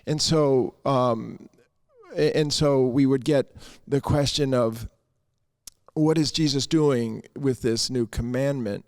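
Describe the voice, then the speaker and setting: A man's voice: mid-range voice, slow, a little mellow, no echo, studio quality. A man co-hosting a church podcast, talking through scripture in a thoughtful, explanatory way with many restarts. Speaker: priest and podcast co-host. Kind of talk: conversational scripture discussion.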